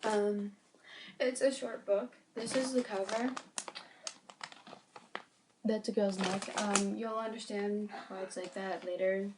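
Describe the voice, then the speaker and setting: A woman reads her own short story aloud into a phone, earnest and a bit halting, stumbling and correcting herself now and then. Her voice sits at a middle pitch. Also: steady tone, noisy background. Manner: earnest, halting reading with small slips. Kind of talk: reading a self-written story aloud. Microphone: phone mic.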